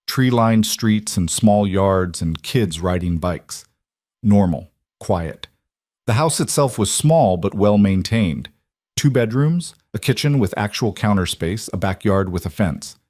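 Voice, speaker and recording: A man with a fairly low voice reads a dramatic love story aloud in a steady, even way. The sound is dry and close, with no room around it. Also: measured pace, dry recording. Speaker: narrator. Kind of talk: scripted story narration.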